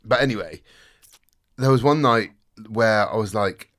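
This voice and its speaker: A man telling a personal story in casual chat, animated and swearing often, laughing along the way. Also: on the low side, measured pace. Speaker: podcast guest telling a story.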